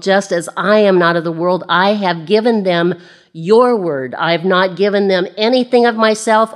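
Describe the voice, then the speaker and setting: A woman preaching a sermon, chatty with self-deprecating asides, slowing down to read verses aloud. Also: mid-range voice. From Illinois. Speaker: Bible teacher.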